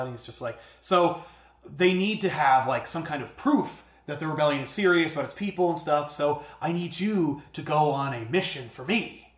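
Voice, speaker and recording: A man's voice: a little high, animated, moderate pace, reverberant. A man casually retelling a comic book story on a podcast, acting out the characters' lines.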